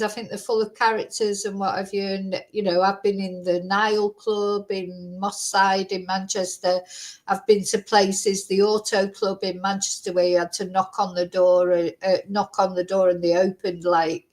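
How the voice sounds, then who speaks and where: Woman, English accent, chatty, rambling, casual vlog reaction. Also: mid-range voice. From England. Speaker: vlogger.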